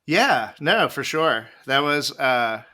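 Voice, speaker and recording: A man's voice: mid-range voice, animated, slow, sharp tone. A man guest on a podcast, telling long, rambling stories with many restarts and laughs. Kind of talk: casual storytelling interview.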